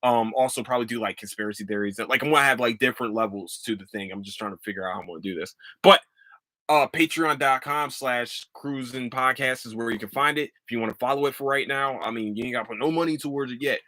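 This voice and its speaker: A man's voice: medium pitch, fast talker, pushed and bright, no room sound. A man hosting his own podcast, talking casually and swearing freely as he rants, then laughs it off, his voice starting to give out. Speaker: podcast host. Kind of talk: casual solo podcast monologue.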